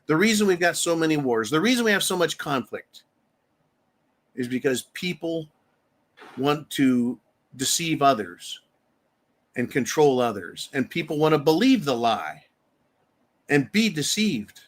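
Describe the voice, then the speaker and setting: A man's voice: on the high side, very animated, a little slow, long pauses. A man hosting a talk show, giving rambling, emphatic, opinionated commentary. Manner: rambling, emphatic, mocking voices for quotes. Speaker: show host.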